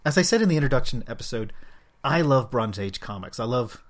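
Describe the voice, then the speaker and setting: A man's voice: medium pitch, lively intonation, a little fast. A man hosting a solo comics podcast, talking with a wry, self-mocking humor. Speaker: podcast host.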